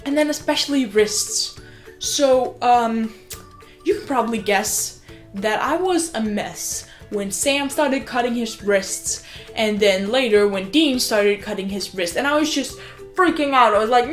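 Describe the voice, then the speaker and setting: A young woman, a student, chatting casually in a vlog at home, excitable and gushing, swearing and filling her talk with "like". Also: on the high side, unhurried. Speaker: student vlogger. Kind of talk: casual rambling vlog chat. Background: faint music from another room.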